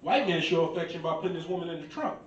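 A man's voice: a little high, quick pace, dull audio. A man in his thirties from the American Midwest, doing a loose, profane, conversational stand-up set at an open mic in a bar. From Milwaukee, USA. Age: 30s. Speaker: stand-up comedian. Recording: roomy bar echo, distant mic.

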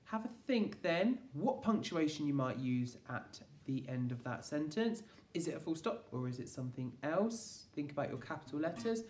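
An English woman teaches phonics to young children, low in pitch but lively in melody as she stretches out each sound. She speaks slowly and encouragingly. Her voice carries a roomy echo, picked up from a little way off the mic. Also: distant mic, over music. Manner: slow, sounding out phonemes one by one; encouraging, clear classroom delivery. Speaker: primary school teacher. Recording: echoey room, voice from off-mic.

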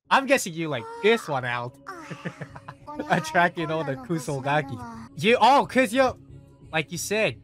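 A man streamer chatting casually, excitable and laughing, stumbling over his words. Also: a little high. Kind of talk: casual livestream chat.

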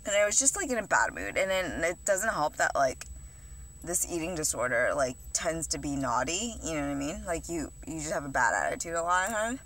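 A woman's voice: sits low, big pitch swings, fairly quick, fairly bright tone. A young woman vlogging in a rambling, confessional way, swearing a lot and filling her talk with "like" and "you know". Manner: rambling, heavy swearing, many fillers. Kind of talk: casual confessional vlog.

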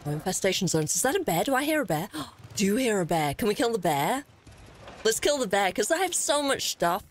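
A woman streamer giving loud, excitable commentary while playing a game, swearing freely. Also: medium pitch, fairly quick, a little hiss or hum. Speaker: gaming streamer. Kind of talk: live let's-play commentary.

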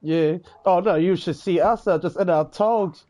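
A man's voice: high voice, moderate pace, mellow. A man from New Zealand with a New Zealand accent, chatting casually in a game's voice chat, rambling, swearing freely and tagging on "eh" and "bro". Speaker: gamer in voice chat.

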